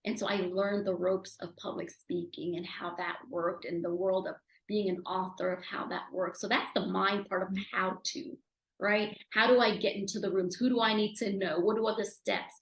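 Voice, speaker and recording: A woman guest talks through her journey as a speaker and author in a relaxed interview. Her telling is animated and emotional, and it climbs in volume when she reaches the moments that moved her. The recording has a noticeable roomy echo. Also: moderate pace. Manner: animated, emotional, rising loudly at high points. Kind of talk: conversational interview storytelling.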